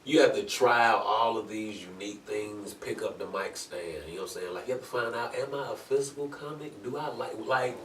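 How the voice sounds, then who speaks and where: A man's voice: mid-range voice, brisk, few pauses, fairly bright tone, a little hiss or hum. A man, a guest comedian, talking in a laid-back, drawling, colloquial way in casual podcast chat. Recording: roomy, distant mic.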